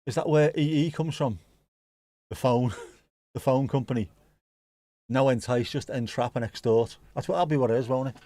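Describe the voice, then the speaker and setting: A man's voice: mid-range voice, moderate pace, pauses often, warm tone, no echo. Joking man on a dry mic. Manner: rambling, jokey, swears freely. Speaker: watch-along streamer. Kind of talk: casual live match commentary chat.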